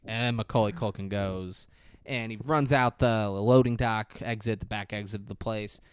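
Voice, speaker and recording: A man's voice: on the low side, normal speed, clear, resonant tone, no echo. A man co-hosting a podcast, recapping a film in casual chat and acting out the quotes as he goes, with plenty of swearing. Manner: animated storyteller, acts out quotes, swears freely. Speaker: podcast co-host.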